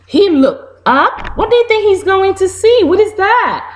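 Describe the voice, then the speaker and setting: A woman's voice: very high voice, measured pace. A woman teacher reading a children's storybook aloud and asking the young listeners questions, whose first language is Haitian Creole. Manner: animated, asks the children questions.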